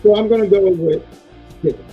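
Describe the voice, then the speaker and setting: A man's voice: sits high, moderate pace, breathy edge, phone-quality sound, soft background music. A man hosting a casual wrestling prediction show, rambling and playful with lots of fillers. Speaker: podcast host.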